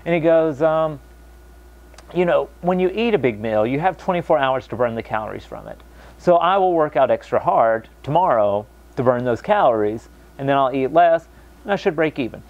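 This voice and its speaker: A young American man talking casually to camera, animated, mocking other people's voices when quoting them. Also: mid-range voice, normal speed, narrow, tinny audio. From United States. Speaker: vlogger.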